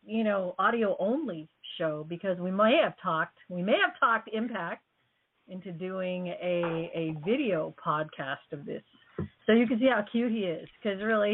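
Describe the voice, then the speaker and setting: A chatty woman hosts a radio show at a middle pitch, rambling and joking with her co-hosts. Her voice is going hoarse, and it comes through a thin, phone-like line. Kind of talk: casual radio show chat. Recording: phone-like narrow band.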